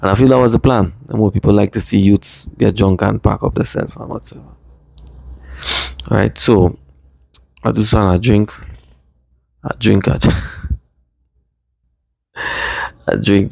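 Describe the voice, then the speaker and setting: A man from Trinidad with a Trinidadian accent, casually telling a rambling personal story in lively dialect. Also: medium pitch, gravelly, no echo. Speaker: vlogger.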